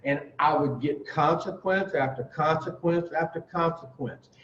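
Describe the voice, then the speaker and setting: A man's voice: fairly high pitch, unhurried, a bit bright, a little hiss or hum. A man telling a folksy, profane recovery story to a group, acting out voices as he goes. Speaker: addiction recovery speaker. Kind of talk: casual storytelling talk. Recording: roomy dull recording from far off.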